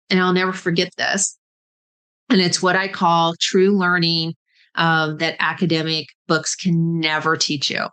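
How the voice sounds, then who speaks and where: A woman's voice: fairly low pitch, a bit bright. A woman hosting a business podcast, explaining ideas in a casual teaching talk and often checking in with "right?" and "okay?". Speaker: podcast host.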